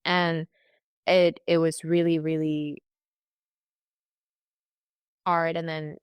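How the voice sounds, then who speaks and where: A young woman with a low, smooth voice, recorded close and dry. She speaks candidly and haltingly, stopping to restart and slipping into quoted asides. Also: level tone, no room sound. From California. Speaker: interview guest. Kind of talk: candid personal account.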